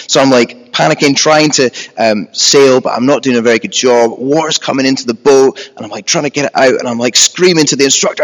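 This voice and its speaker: A man, preaching a sermon in a relaxed storytelling way with self-deprecating humour. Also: medium pitch, fairly quick, in a large hall, rough recording. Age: 20s.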